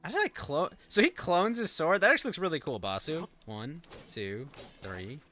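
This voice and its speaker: A man's voice: a little high, very animated, normal speed, sharp tone, faint music behind. A man streaming a game, chatting casually in a wry, rambling way with offhand swearing. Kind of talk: casual gameplay commentary.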